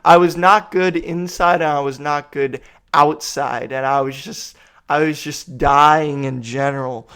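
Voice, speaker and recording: A man's voice: fairly high pitch, steady tone, unhurried, bright, forceful tone, clear, resonant tone. Tired, rambling young man ranting. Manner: tired, exasperated, profane storytelling. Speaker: vlogger. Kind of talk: rambling comic rant.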